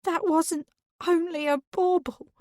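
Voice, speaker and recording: A woman voicing a shrill, sobbing matriarch. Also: big pitch swings, a little slow, darkish tone, no room sound, studio quality. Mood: tearful, outraged. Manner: shrill, wailing, theatrical. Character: distraught middle-aged woman, melodramatic and tearful. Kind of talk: audiobook character voice.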